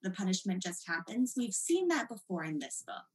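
Animated woman teaching a text study. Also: medium pitch, moderate pace, rough recording. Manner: animated, explanatory, emphatic.

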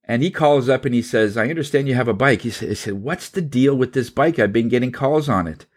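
Man, mid-pitched voice, casual speaker spinning a story that turns into a spiritual message. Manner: casual, halting storyteller voicing characters.

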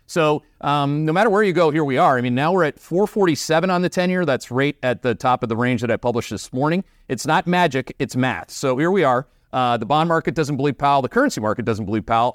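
A man's voice: fairly high pitch, dry recording, studio quality. A Canadian man hosting a market commentary show, talking bluntly and emphatically with many fillers. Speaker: investment show host.

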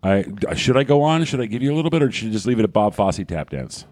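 A man co-hosting a podcast, with a lively voice that swings up and down in pitch. He announces things in a mock-grand, theatrical way. He is recorded dry and close. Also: quick pace, no room sound. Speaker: podcast co-host. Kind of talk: casual chat.

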